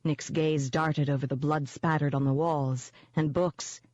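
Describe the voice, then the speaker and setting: An audiobook narrator tells a first-person fantasy story at a steady, even pace. The voice sits in a middle pitch and moves evenly through the text. The recording is dry, with a slightly muffled, lo-fi tone. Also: measured pace, no room sound.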